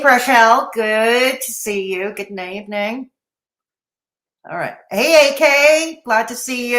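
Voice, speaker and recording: A woman's voice: mid-range voice, fairly bright tone. A woman hosting a casual livestream, blunt and opinionated, greeting chat viewers by name between comments. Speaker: livestream host.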